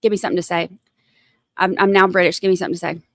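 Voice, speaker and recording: A woman's voice: lowish voice, steady tone, rapid-fire, a bit bright, no echo, clean studio sound. A woman hosting a casual livestream, rambling and giggling at herself between topics. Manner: giggly, rambling, self-mocking. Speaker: livestream host.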